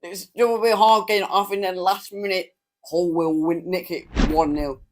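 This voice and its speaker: A man's voice: high-pitched, steady tone, moderate pace. A man with an English accent eagerly giving football predictions in casual chat, with short enthusiastic replies.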